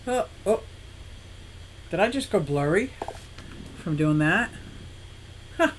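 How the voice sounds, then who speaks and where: There's slight background noise as a woman in her sixties, medium-pitched and speaking at a normal speed with frequent pauses, runs a casual livestream for her fish and aquarium shop. She calls out viewers by name and reads their comments. Animated and talkative, she laughs a lot while spinning meandering anecdotes.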